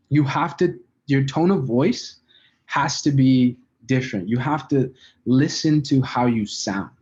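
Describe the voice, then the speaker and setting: A man's voice: mid-range voice, a little mellow. A man in a mid register runs a casual training session on persuasive speaking, talking loosely with fillers and frequent "right?" checks. The recording is dull and lo-fi. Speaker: sales communication trainer. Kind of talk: casual spoken training talk.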